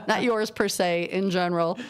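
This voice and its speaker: A woman hosting a casual radio chat in a studio, talkative and quick to laugh, firing off questions. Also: medium pitch, steady tone, clear, resonant tone. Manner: chatty and giggly, quick questions. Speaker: radio host. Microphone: studio microphone.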